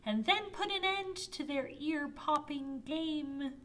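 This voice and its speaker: A woman reading aloud and voicing a brave, eager young male knight in a high, earnest voice. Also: takes it slowly, fairly bright tone.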